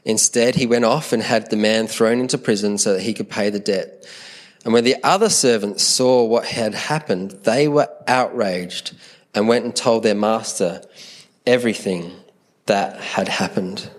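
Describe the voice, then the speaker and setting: A man's voice: on the low side, moderate pace. A man preaching a sermon in an earnest, conversational way, often repeating words as he thinks aloud.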